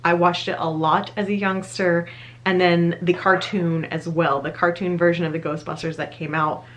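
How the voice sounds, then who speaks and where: Thirtysomething woman vlogging, lowish voice, chatty and excited, laughs a lot. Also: moderate pace. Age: 30s. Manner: chatty and enthusiastic, laughs often. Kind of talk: casual chat to camera.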